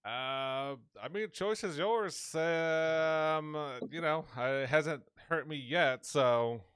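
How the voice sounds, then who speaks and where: A man's voice: on the high side, extremely slow, a bit bright, clean tone, no room sound, clean studio sound. A laid-back man playing a tabletop game over a voice call, his voice run through a robotic, hollow filter. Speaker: player. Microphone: online voice call.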